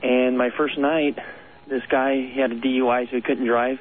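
A man's voice: mid-range voice, little pitch movement, moderate pace. A man calling in to a radio show, telling a long ghost story in an earnest, rambling way with nervous laughs. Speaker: caller. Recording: tinny phone line on radio.

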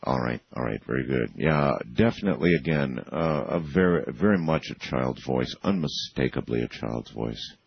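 A man hosting a radio talk show, chatty and quick to joke, asking his guests questions. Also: extremely low pitch, expressive, gravelly, husky, no echo, lo-fi sound. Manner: chatty, asks questions, jokes and laughs easily.

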